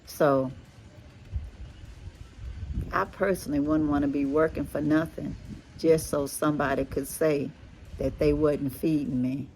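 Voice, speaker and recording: Slow-talking Texas Creole woman, low voice. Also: fairly even intonation, darkish tone, slight background noise. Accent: Texas Creole, Louisiana and Galveston blend. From Texas, USA. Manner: slow, drawn-out talk, often saying "y'all". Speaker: vlogger. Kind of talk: casual chat to viewers. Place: rooftop outdoors.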